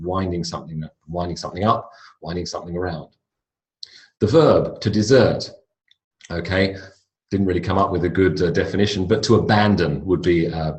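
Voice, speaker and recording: Guy with a deep voice, chatty english lesson, kinda echoey room. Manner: relaxed, conversational, with asides and restarts. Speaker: English pronunciation teacher. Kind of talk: recorded lecture.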